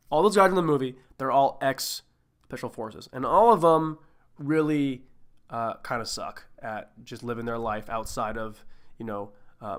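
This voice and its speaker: A man's voice: mid-range voice, a bit bright. Male podcast host, rambling comic movie chat, mid-range voice. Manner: rambling, swearing, jokey asides. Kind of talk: casual movie-review chat.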